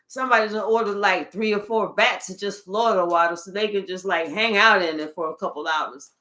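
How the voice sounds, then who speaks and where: Bright-voiced woman giving a profane reading. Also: medium pitch, a little fast, few pauses. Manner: profane, playful, animated storytelling. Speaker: spiritual tarot reader. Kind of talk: casual channeled reading.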